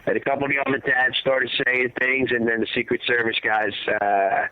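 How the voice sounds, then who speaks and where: A man tells his story down a tinny phone line, with a dry, close sound. He is a grieving father and talks in an impassioned, rambling way. His voice sinks low and heavy when the memories get hard. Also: steady tone, fairly quick, dry recording. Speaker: guest, father of a fallen soldier. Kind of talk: emotional storytelling interview. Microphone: phone call.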